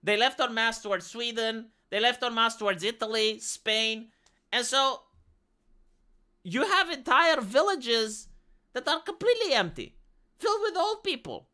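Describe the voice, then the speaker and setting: A streamer with a Romanian accent talks straight to the chat in a loose, ranting way, swearing freely. The voice sounds sharp and bright, and the delivery is blunt and unfiltered. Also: mid-range voice, expressive, a little slow. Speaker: live streamer. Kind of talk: casual livestream rant.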